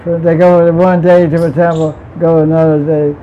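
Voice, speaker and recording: A slightly high, dark-toned male voice delivers a scripture lesson flatly and at a moderate pace, yet the teaching is playful, with plenty of laughter and questions aimed at the class. Dull lo-fi audio carries faint vehicle noise.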